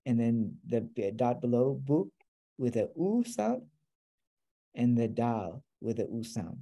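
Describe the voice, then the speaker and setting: A man's voice: medium pitch, expressive, slow pace, gravelly, dark tone. A man teaching a beginner class, explaining patiently step by step. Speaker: Arabic teacher.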